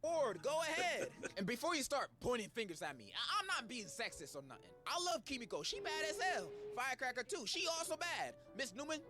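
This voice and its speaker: A man's voice: very high voice, sing-song, brisk, few pauses. A man giving a comedic commentary rant in a sarcastic, slangy, mocking way. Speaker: video commentator. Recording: background music under the voice.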